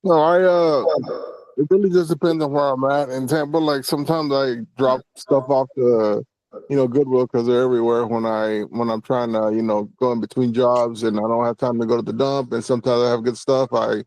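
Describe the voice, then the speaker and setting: A man's voice: medium pitch, steady tone, a little fast, darkish tone, dry recording, poor audio. Hesitant man, dry sound. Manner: hesitant, loose with fillers. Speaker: meeting participant. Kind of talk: casual meeting reply. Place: online group meeting.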